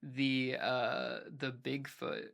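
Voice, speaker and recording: Very slow and flat, with vocal fry and a slightly bright edge, his medium-pitched voice belongs to a hardcore vocalist appearing as a podcast guest. He rambles casually, saying "like" in almost every phrase.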